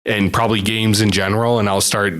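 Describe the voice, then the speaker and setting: A man's voice: lowish voice, level tone, fast talker, fairly bright tone. A man hosting a podcast, talking in an analytical, rambling way that trails off. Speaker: podcast host. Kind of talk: casual interview talk.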